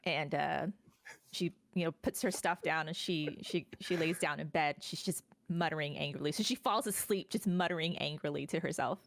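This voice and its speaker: A woman narrating her character's actions at a tabletop game in a loose, rambling way. Her talk is full of fillers and casual swearing. Her voice is a little low, and the sound is dry and close. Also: moderate pace, gravelly, dry recording.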